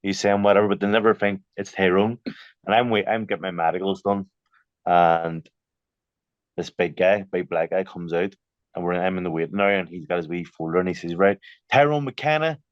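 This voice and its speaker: A young boxer in a casual interview, chatty, telling stories with many fillers and restarts. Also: male voice, sits low, flat delivery, a little fast, dry recording, muffled recording.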